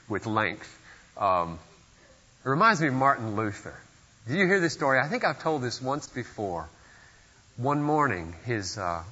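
A man's voice: lowish voice, bright, forceful tone, husky, in a large hall, lo-fi sound. A man preaching a sermon at a church service, earnest and emphatic, pressing his points with sudden surges of force. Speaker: pastor.

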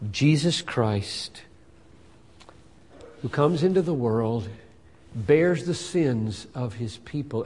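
A male pastor preaching a sermon with emphasis, building up to loud fervent peaks. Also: fairly high pitch. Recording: long hall reverb.

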